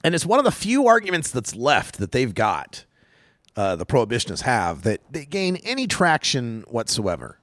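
A man hosting a talk radio show, delivering news commentary in an animated, sarcastic way and laughing at his own jokes. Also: medium pitch, normal speed, no echo, studio quality.

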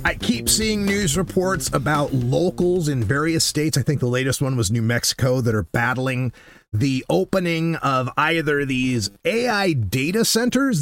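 A man hosting a casual solo podcast, telling stories in an animated way and acting out what people said. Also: a little high, no echo. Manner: animated storyteller who acts out quotes. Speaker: podcast host.

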